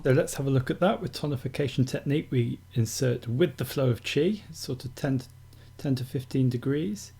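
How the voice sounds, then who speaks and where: A man calmly teaching acupuncture technique in a steady, methodical instructional demonstration. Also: mid-range voice, normal speed, creaky, few pauses, husky. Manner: calm, steady, methodical explaining.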